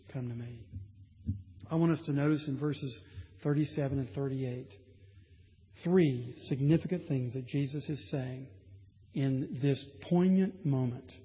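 Emphatic preacher in a reverberant church. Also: male voice, on the high side. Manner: emphatic, building intensity with repetition. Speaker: pastor. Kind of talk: sermon. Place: large church sanctuary. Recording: dull sound with long hall reverb.

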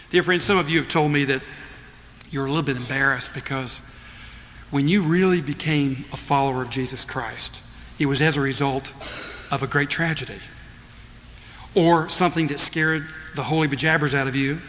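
Bright-voiced preacher in an echoing hall. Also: male voice, fairly high pitch, slight background noise. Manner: animated preaching, acting out voices of the congregation. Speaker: pastor. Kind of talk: sermon.

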